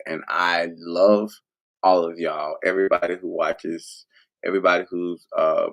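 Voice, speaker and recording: A man's voice: low-pitched, fairly even intonation, unhurried, fairly bright tone, lo-fi sound. A man hosting a livestream, talking to his viewers in a loose, rambling, profane casual monologue. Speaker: livestream host.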